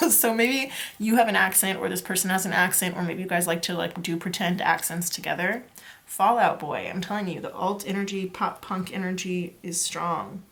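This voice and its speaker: A woman's voice: lowish voice, fairly even intonation, normal speed, gravelly, a bit bright. A woman giving a casual pick-a-card tarot reading, talking to her viewers in a chatty, playful way and jumping from one loose association to the next. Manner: free-associating, chatty and playful, addresses viewers as "you guys". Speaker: tarot reader.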